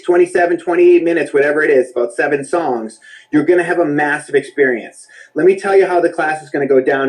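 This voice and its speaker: A man's voice: fairly high pitch, a little mellow, poor audio. A man leading a breathwork class, giving casual spoken instructions in a reassuring, chatty way with the odd swear word.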